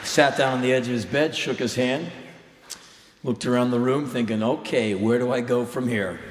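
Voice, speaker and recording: A mid-range male voice at normal speed carries a middle-aged man's true story, performed live on a large hall's stage. He is intense, blunt and profane, bursting into loud shouts; there's hall reverb and slight background noise.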